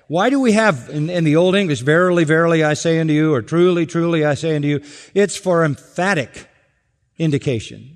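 A man with a somewhat high voice delivers an expository sermon in a church. He speaks slowly and emphatically and poses rhetorical questions. The sound carries a long reverb from the sanctuary. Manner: emphatic, slow deliberate phrasing with rhetorical questions. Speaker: pastor.

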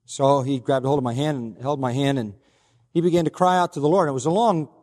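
A man preaching a sermon as pastor, telling a story earnestly and quoting others in a softer voice. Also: medium pitch, fast, big-room sound.

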